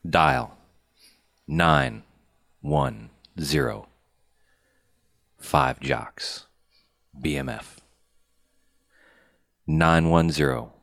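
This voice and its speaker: A very deep, gravelly man hosting a podcast, running through the show's contact plugs like an overblown pitchman. His pitch swings widely as he hams it up. The mic is close and dry. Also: no echo. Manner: mock-grandiose pitchman delivery for plugs. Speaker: podcast co-host. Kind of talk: casual chat.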